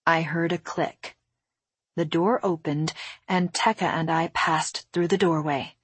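A woman narrating a first-person novel in a steady, measured storytelling voice. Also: low-pitched, breathy edge, no room sound. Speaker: audiobook narrator.

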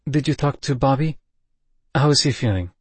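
A man voicing a tearful, shaken young man in a pleading, softer voice. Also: medium pitch, lively intonation, moderate pace, breathy edge, dry recording, pitched above the performer's own voice.

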